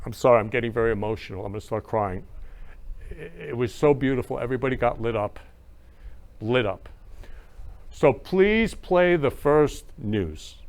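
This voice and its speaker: A man's voice: a little high, clean tone. A man hosting his own show, talking in a gushing, repetitive way. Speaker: show host. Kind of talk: emotional casual talk.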